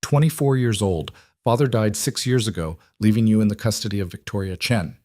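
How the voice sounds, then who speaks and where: A male narrator lightly acts a controlled mafia boss with a low, calm, matter-of-fact voice that stays conversational and almost gentle while feeling cold. His speech is a little fast, and the recording is close and dry.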